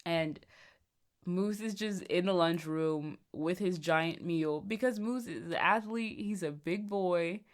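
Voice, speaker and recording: A woman's voice: fairly low pitch, slow. A woman hosting a podcast, chatting casually and joking as she reviews comics, often breaking into laughter. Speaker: podcast host.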